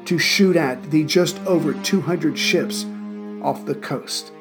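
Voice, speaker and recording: A man's voice: on the high side, slow pace, loud music behind the voice. A man hosting a history podcast from Central Virginia, narrating events with dry, wry asides and thanking listeners casually.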